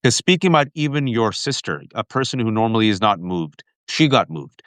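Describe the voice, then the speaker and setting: A man's voice: fairly low pitch, big pitch swings, fairly bright tone, dry recording. Impassioned man hosting a political talk show. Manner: impassioned, fast bursts, addresses viewers as folks. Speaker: podcast host.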